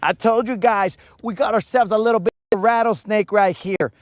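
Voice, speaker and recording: Upbeat man angler on a lake, fairly high voice, playful running commentary with Spanish slang. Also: steady tone, normal speed, hardly any pauses, no echo. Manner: playful, hyped banter peppered with Spanish slang. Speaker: angler, channel host. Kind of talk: live fishing vlog commentary. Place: outdoors on a lake.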